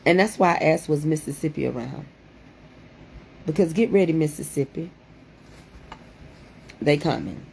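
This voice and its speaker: A woman's voice: deep voice, moderate pace, gravelly, long pauses, darkish tone, slight background noise. A woman hosting a playful livestream, exclaiming dramatically and repeating her phrases in a sing-song way. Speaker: livestream host doing card readings.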